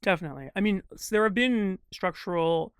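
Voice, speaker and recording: A man's voice: high-pitched, animated, brisk, clean tone, no room sound, studio quality. A man talking as an interview guest, thoughtful and rambling, with lots of fillers as he works through ideas. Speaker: guest crossword constructor. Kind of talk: casual interview conversation.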